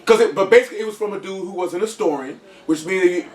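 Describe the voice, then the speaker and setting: A man's voice: sits high, fast. A man talking in a casual group discussion, emphatic and insistent, often asking whether he is understood. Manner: emphatic, repeats "you know what I'm saying". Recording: echoey room, voice from a distance.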